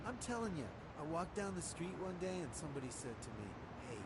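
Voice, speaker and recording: A man voicing an excitable gang member in a comedy video game who keeps boasting that he is a madman. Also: fairly high pitch, fast. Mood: hyped. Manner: hyped-up, boastful, crude. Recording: game audio with background noise.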